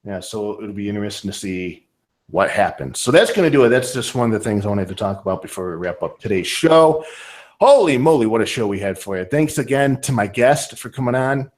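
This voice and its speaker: A man's voice: fairly low pitch, lively intonation, a little fast. A man with a Northern Ohio accent hosting a podcast in a casual, conversational way, often restarting and repeating words. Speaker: podcast host.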